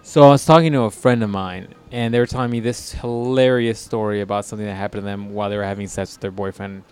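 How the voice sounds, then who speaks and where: A man's voice: lowish voice, fairly even intonation, fast talker, a little mellow, clear, resonant tone. A man co-hosting a podcast, telling a crude story in a loose, casual way with frequent laughs and fillers. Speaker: podcast co-host.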